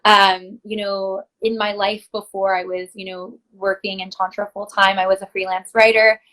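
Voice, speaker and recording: A woman's voice: medium pitch, level tone, normal speed, fairly bright tone, poor audio. Affirming woman hosting a podcast. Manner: affirming, spiritual wording, many fillers. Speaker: podcast host. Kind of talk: casual conversation.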